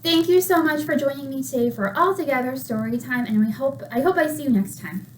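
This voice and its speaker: Reading a picture book to children, the young woman librarian keeps a warm, encouraging tone and poses questions to her listeners. She speaks high and fairly quickly over a rough recording with a little hiss or hum.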